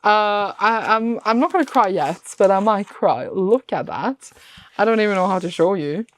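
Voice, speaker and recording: A young woman vlogging casually about her books, gushing and excitable, often breaking off mid-sentence. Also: medium pitch, moderate pace. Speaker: book vlogger. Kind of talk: casual reading vlog.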